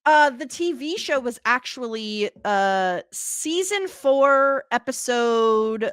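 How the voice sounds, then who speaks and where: A woman co-hosting a casual podcast, telling stories in a chatty, animated way. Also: on the high side, takes it slowly, hardly any pauses, clean tone, dry recording, clean studio sound. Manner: chatty, animated storytelling with laughs. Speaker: podcast co-host. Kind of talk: casual chat.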